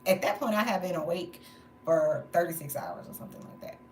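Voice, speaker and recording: A woman's voice: lowish voice, fairly quick. A tired woman venting candidly in a late-night livestream monologue, laughing between stories. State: tired from no sleep. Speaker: livestream host. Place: indoors at home, late at night. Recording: roomy echo, faint background noise.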